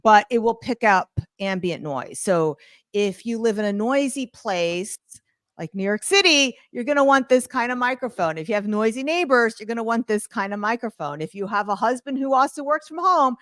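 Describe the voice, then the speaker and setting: A woman's voice: a little high, animated, normal speed, fairly bright tone, dry recording. A woman leading a live online class, talking casually with jokey asides about her studio microphone setup at home. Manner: chatty, informal, jokey asides. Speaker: online art course instructor.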